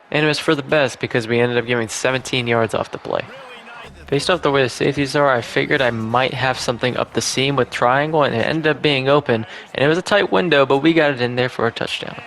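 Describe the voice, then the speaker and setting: A young man narrating his football video game match in a relaxed, casual voice. He walks through each play with easygoing, self-deprecating remarks, at an ordinary mid pitch. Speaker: gaming YouTuber. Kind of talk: video game commentary voice-over.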